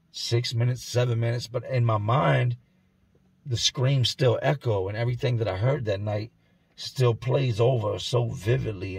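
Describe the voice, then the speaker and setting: A man telling a grim first-person story in a somber, intense way, often dropping to a hush, recorded indoors at home. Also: mid-range voice, creaky, slightly rough, no echo. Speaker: storyteller and channel host.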